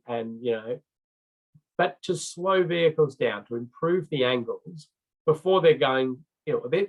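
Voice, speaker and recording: A man's voice: medium pitch, a bit bright. A middle-aged man giving an informal training presentation as a road safety trainer, chatty and rambling, with many fillers and restarts. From Australia. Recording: slightly dull lo-fi recording.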